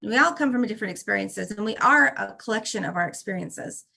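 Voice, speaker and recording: A woman's voice: medium pitch, expressive, fast talker, creaky, bright, forceful tone. A middle-aged woman co-hosting a members' call, effusive and motherly, talking in a casual chat style. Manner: effusive, motherly, fiercely protective.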